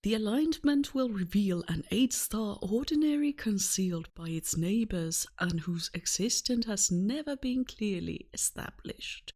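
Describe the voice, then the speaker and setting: Old-time newsreader reading formally and slowly, a woman puts it on. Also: mid-range voice, lively intonation, mellow. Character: woman newsreader, vintage style.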